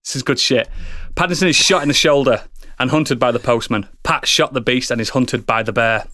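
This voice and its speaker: A man co-hosting a comedy podcast, swearing and laughing as he pitches a story. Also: brisk, few pauses, a bit bright, clear, resonant tone, dry recording, studio quality.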